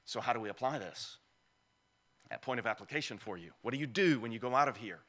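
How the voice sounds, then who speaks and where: A man preaching an expository sermon, swelling loud on key phrases and dropping low for asides. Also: lively intonation, quick pace. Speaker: pastor.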